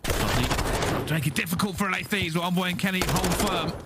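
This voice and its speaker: A man doing animated color commentary on an esports match, laughing and drawing words out for emphasis. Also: high-pitched, a little fast, very noisy. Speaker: esports analyst caster. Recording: clear game gunfire behind.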